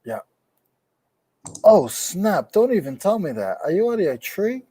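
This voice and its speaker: A man's voice: high-pitched, big pitch swings, unhurried, dark tone, slightly rough, dry recording. Teasing man. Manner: joking, teasing, laughs often. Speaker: co-host of a reseller livestream. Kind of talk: casual livestream chat while working.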